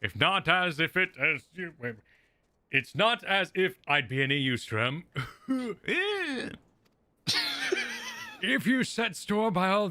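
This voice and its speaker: Man putting on a grumpy resigned old man, raised pitch, bright tense tone. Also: no room sound, exaggerated voice. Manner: tired, dismissive old-man voice.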